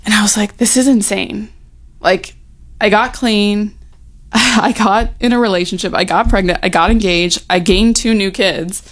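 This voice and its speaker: A woman's voice: medium pitch, steady tone, a little slow. A young woman telling her personal recovery story in a frank, heartfelt way, full of "you know" and "like", sometimes near tears. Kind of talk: personal testimony, casual.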